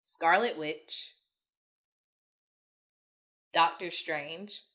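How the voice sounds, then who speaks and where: A woman's voice: sits low, drawn-out words, fairly bright tone. A woman giving a casual, emotional spoiler review of a movie, sighing and exclaiming as she talks.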